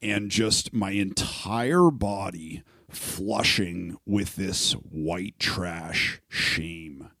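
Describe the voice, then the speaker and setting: A man's voice: deep voice, drawn-out words, gravelly, bright, forceful tone, husky, no echo, clean studio sound. A middle-aged man from Saskatchewan, talking casually and candidly as a podcast host, swearing often and restarting his sentences. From Saskatchewan, Canada. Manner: profane, rambling, many restarts.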